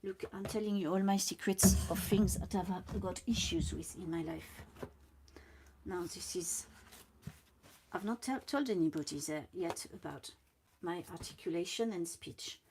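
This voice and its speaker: A woman talking casually and slowly about her own speech, with mucus in her throat and a blocked nose, stumbling over words and often dropping to a whisper. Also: lowish voice, background noise. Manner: slow and deliberate, often drops to a whisper. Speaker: vlogger. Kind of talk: casual personal monologue.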